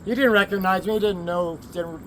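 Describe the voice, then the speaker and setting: A man's voice: sits high, steady tone, fairly quick, a bit bright, a little hiss or hum. A man from the American Southwest, at least in his forties, talking candidly in a rambling personal vlog. He swears, laughs often and speaks in short bursts. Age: 40s or older. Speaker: vlogger.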